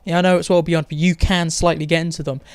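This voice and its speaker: A man's voice: fairly high pitch, little pitch movement, quick pace, smooth, no echo, studio quality. A man giving a blunt, opinionated and sarcastic casual review of a TV episode. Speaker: TV show reviewer.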